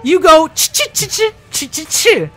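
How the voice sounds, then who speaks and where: A man's voice: extremely high pitch, very animated, normal speed, music in the background, voice pushed up. A man voicing a tiny, talkative hundred-year-old male gnome with a folksy, eager manner, in a tabletop game. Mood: chatty, excited.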